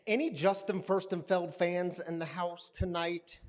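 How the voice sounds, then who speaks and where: Man, pastor, fairly high voice, lively storytelling sermon, acts out voices. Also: a little slow. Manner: animated storyteller, acts out quotes and buzzing sounds. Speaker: pastor of a recovery community. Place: gathering hall with a live audience.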